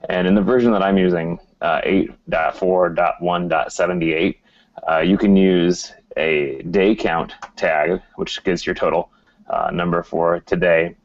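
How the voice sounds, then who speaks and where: A man's voice: sits low, steady tone, measured pace. A man leaving a recorded voice message for a podcast, hesitant and full of fillers. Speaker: listener sending in audio. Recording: dull lo-fi voice message.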